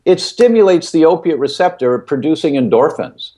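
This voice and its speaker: A man's voice: on the high side, animated, moderate pace, warm tone, a little hiss or hum. A middle-aged man, a guest expert on a podcast, explains points emphatically, repeating key ideas and using vivid analogies.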